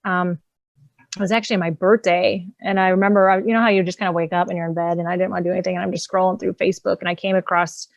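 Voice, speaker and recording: A woman's voice: lowish voice, level tone, rapid-fire, no room sound. A woman, an empowerment coach and author, telling her personal story as a guest in a casual, candid way, often laughing between thoughts.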